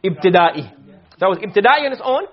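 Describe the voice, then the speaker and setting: Guy teaching a class, high voice, keeps asking "okay?", muffled recording. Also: big pitch swings, a little fast. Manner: repetitive, checks understanding often. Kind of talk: classroom lesson explaining a text. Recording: dull lo-fi recording.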